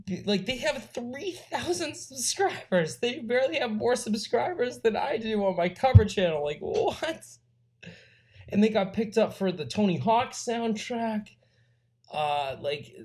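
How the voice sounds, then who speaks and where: A music vlogger giving casual song recommendations, gushing and excitable, with many "like" fillers. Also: mid-range voice.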